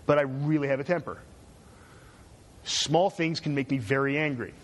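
A man's voice: mid-range voice, normal speed. A middle-aged man giving a university lecture, sarcastic and full of joking asides. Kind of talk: classroom lecture.

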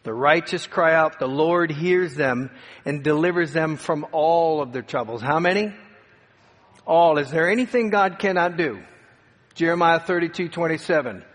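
A man's voice: a little high, moderate pace. Fervent male preacher in echoing hall. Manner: dramatic preacher, swings from loud cries to hushed tones. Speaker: pastor. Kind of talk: sermon. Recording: long hall reverb.

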